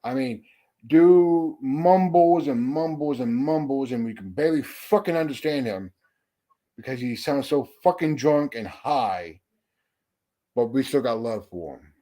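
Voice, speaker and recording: A man with a mellow, medium-pitched voice speaks at a normal speed in an animated way. He's hosting a casual livestream chat, greeting viewers and talking bluntly, swearing heavily and often restarting his sentences.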